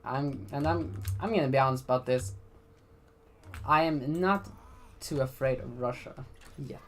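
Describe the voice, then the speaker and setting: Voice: mid-range voice, measured pace, a little hiss or hum. A vlogger from Sweden giving casual commentary in a rambling, blunt and profane way, with frequent restarts.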